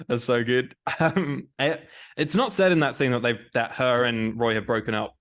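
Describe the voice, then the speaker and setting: A man's voice: medium pitch, normal speed, a bit bright. Rambling Australian man recapping a show. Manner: rambling, loose, slangy with mild swearing. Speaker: podcast co-host. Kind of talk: casual recap chat.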